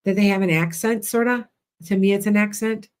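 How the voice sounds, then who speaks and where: A woman's voice: medium pitch, a little fast. Chatty Midwestern woman psychic streamer. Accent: Midwestern Chicago. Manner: chatty, blunt, rambling. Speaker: psychic livestream host. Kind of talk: casual livestream readings.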